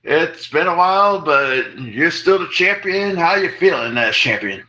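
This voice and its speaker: A man runs a game show with a joking, teasing manner. His voice is bright and sits a little high for a man. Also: animated, measured pace, poor audio. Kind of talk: playful game show hosting.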